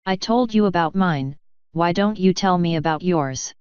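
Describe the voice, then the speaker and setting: A woman's voice: on the low side, normal speed, a little mellow, clean tone, dry recording, close to an everyday voice. A woman voicing a friendly, curious young female pony mechanic who asks eager questions; dull lo-fi recording.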